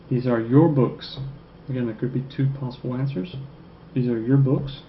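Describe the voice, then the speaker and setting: A mid-pitched male teacher gives a recorded French lesson, slowly repeating phrases and constantly tacking on "okay?" to check understanding. The recording comes from an echoey room and sounds dull and lo-fi, with a faint layer of noise.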